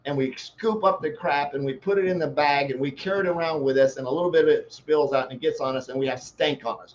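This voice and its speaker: A man's voice: mid-range voice, muffled recording, slight background noise. A man giving a motivational talk as a life coach, telling a folksy, rambling story built on homespun analogies.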